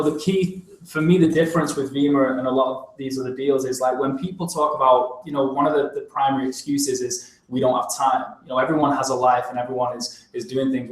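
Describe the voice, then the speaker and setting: Earnest man pitching in an echoey room. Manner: earnest, enthusiastic, with restarts. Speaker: co-presenter at a business meeting. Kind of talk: casual sales talk. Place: meeting room. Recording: echoey room, voice far from the mic.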